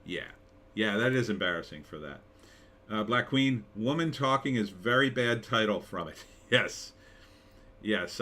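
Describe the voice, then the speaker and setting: A middle-aged man with a fairly low voice hosts a casual live stream. He rambles loosely and chuckles often as he reads viewer comments aloud. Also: bright, forceful tone. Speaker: live stream host reading chat.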